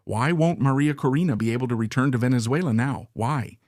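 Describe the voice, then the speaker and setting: Male commentator, gravelly, dry close sound, insistent and repetitive, asks rhetorical questions. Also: medium pitch, a little fast, darkish tone, no room sound. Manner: emphatic, repeats points and fires rhetorical questions. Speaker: political commentator. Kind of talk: opinionated current-affairs commentary.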